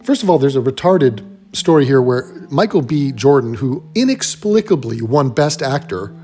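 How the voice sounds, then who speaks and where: A man's voice: medium pitch, expressive, normal speed, warm tone, faint music behind. A man hosting a ranting film commentary, blunt, sarcastic and full of profanity. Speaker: commentary host.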